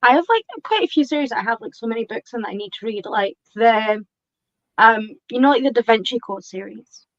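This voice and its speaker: A woman's voice: fairly high pitch, lively intonation, a little fast, no room sound. Scottish woman rambling in a chat, lots of "like", dull dry recording. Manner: rambling, hedging with fillers, giggly. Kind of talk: casual chat. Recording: dry, muffled lo-fi audio.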